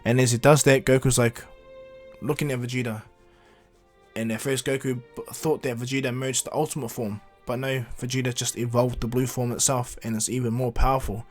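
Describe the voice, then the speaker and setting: A man loosely narrating a fan-made anime retelling, rambling and restarting as he goes. faint music plays quietly under his voice. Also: mid-range voice, flat delivery, a little fast. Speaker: YouTube storyteller. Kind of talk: casual fan-fiction retelling.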